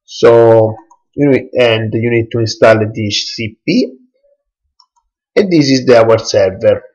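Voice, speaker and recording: A young man, an English speaker, walks through a computer setup in a screencast tutorial, pausing often and restarting his sentences. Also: medium pitch, a little mellow, muffled recording. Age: young adult. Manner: halting, many fillers and restarts, non-native English. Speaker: tech tutorial presenter.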